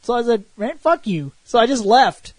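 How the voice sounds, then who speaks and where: A man's voice: very high-pitched, normal speed, no echo. A man co-hosting a casual gaming podcast, telling stories with acted-out quotes and plenty of swearing. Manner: animated storytelling, acts out quotes, swears freely. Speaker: podcast co-host.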